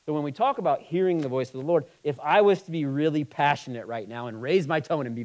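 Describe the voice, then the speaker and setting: A man preaching a sermon, moving between emphatic, passionate stretches and quiet, somber ones. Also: on the high side, quick pace, hardly any pauses, rough recording. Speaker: pastor.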